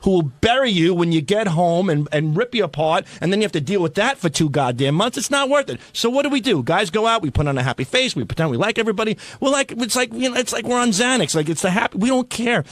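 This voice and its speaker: A man's voice: high voice, expressive, fast talker, hardly any pauses, no echo. A man telling rambling, self-deprecating stories in radio studio banter. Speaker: radio show staffer.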